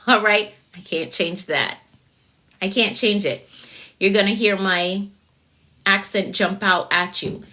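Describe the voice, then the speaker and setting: A productivity coach with a Jamaican accent talks fast on a live stream, tacking on "okay?" after nearly every point. Her medium-pitched voice sounds pushed and bright.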